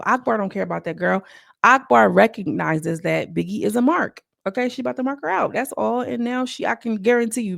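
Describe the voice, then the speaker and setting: A young woman recaps a reality show in loose, chatty talk, with a gravelly fry in her voice. She acts out the cast's lines in a heightened voice as she goes. The recording is close and dry, with no room sound. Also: medium pitch, no echo.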